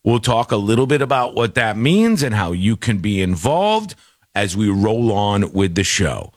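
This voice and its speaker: A man's voice: lowish voice, very animated, a little slow, no echo, clean studio sound. A man hosting a radio talk show in an upbeat, playful, chatty way. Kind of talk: lively radio show chat.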